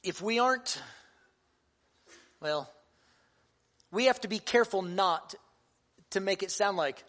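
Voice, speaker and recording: A man's voice: high voice, expressive, slow, fairly bright tone. A man in his thirties, a pastor giving a sermon to fathers, earnest and conversational with touches of humor.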